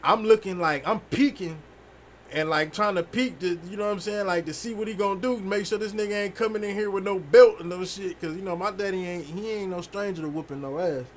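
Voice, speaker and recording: A young man casually telling a rambling, profane story while streaming a game, animated and full of fillers. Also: high-pitched, brisk, slight background noise. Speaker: gaming streamer.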